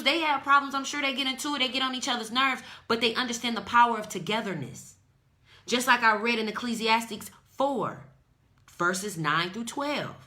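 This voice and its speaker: A woman's voice: on the high side, sharp tone. A woman hosting a podcast, delivering an impassioned, preachy monologue with indignant emphasis. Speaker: podcast host.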